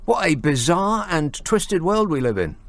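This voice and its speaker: A man's voice: fairly high pitch, big pitch swings, normal speed, no echo. A man hosting a late-night phone-in radio show, talking in a sardonic, mocking way.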